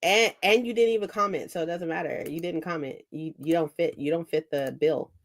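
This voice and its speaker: A woman, chatting casually on a live stream, rambling excitedly and swearing freely. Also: fairly low pitch, brisk. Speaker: book streamer.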